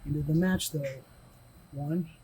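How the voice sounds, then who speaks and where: A man's voice: on the high side, steady tone, a little slow, dark tone, a little hiss or hum, poor audio. A man giving a post-match interview as the new champion, confident and boastful, daring his rivals.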